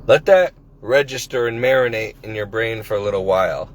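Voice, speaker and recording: A man's voice: lowish voice, brisk. A man in his forties talking in a casual personal vlog, rambling and hesitant with many restarts, recorded on a phone. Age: 40s. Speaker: vlogger. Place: at his workplace.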